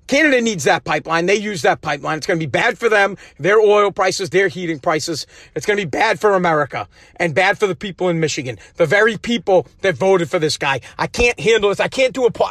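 A man hosting his own podcast from a home basement, delivering an angry, profane political rant that swings between shouting and muttering. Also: high voice, dry recording. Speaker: podcast host.

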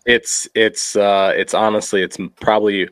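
Easygoing man with a very deep voice. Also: level tone, normal speed, smooth, no room sound. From United States. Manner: easygoing, mellow storyteller. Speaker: podcast co-host. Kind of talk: casual chat.

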